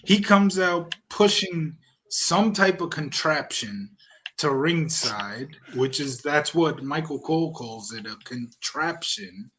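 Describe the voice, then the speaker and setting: A man's voice: a little high, animated, takes it slowly, fairly bright tone, a little hiss or hum. A man hosting a podcast, casually recapping events with a dry, wry manner. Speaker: podcast host reviewing wrestling. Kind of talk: casual chat.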